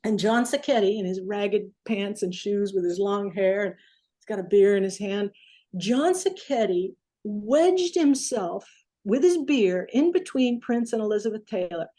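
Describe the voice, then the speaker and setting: A woman recording engineer, interviewed as a guest, telling a story in an animated way and acting out the quotes. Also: mid-range voice, measured pace.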